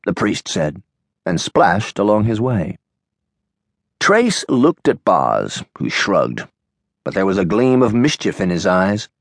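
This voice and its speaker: Low-voiced male audiobook narrator. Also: very animated, slow pace, dry recording, clean studio sound. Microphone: studio microphone.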